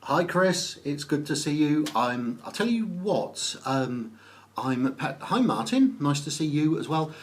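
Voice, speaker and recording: A man from Oxfordshire with an English accent, chatting casually on a live stream, greeting viewers by name and pausing often with ums. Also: on the high side, big pitch swings. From England. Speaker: business networking author.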